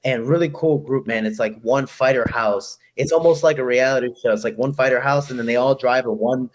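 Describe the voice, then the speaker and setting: A young man from Chicago, a fighter being interviewed, telling stories in an animated, quick, casual way and acting out what people said. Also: medium pitch. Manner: animated, quick, acts out quoted voices. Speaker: guest fighter.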